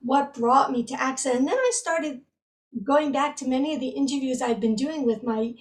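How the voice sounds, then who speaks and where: Woman, high-pitched, chatty with fillers and restarts, a bit far from the mic. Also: moderate pace. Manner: chatty, with many fillers and self-corrections. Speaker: researcher guest. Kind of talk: conversational interview.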